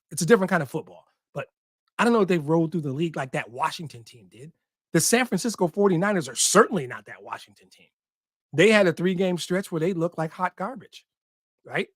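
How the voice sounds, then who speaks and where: A man's voice: fairly high pitch, animated, fairly quick, no echo, studio quality. Fired-up man hosting a sports podcast. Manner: emphatic, repeats short punchy phrases, occasional swearing. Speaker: podcast host. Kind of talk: passionate sports talk.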